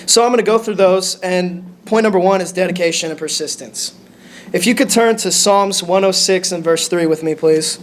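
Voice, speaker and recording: A faint hum runs under this recording of a young man preaching a brief lesson as a lay preacher in his church sanctuary. His high voice sounds nervous, and he halts frequently, starting sentences over.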